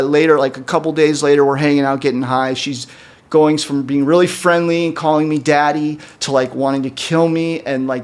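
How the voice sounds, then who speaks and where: Guy on a podcast rambling through a wild story, swears a lot, kinda high voice. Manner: rambling, profane, many fillers; animated, jumps up in pitch when quoting people. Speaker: podcast co-host. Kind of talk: casual storytelling chat.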